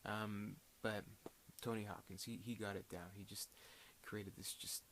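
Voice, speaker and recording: Male film reviewer, lowish voice, rambling casual delivery, light hiss on the track. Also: flat delivery, a little slow, a bit bright. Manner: rambling, full of fillers and restarts.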